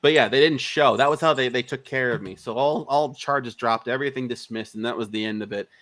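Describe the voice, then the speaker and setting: A man at a middle pitch tells casual stories as an interview guest. He is animated and switches into quick voices for the people in his stories. The sound is a live stream call. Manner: animated anecdote teller who acts out quotes. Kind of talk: casual storytelling.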